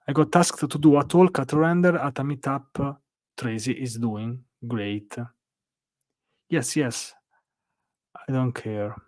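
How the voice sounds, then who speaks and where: A man's voice: mid-range voice, steady tone, slow, pauses often, a little mellow, no room sound. A man with an Italian accent, casually chatting on a live stream from a hotel room, rambling through viewer questions with lots of "uh"s. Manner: rambling, answers chat questions with filler "uh"s.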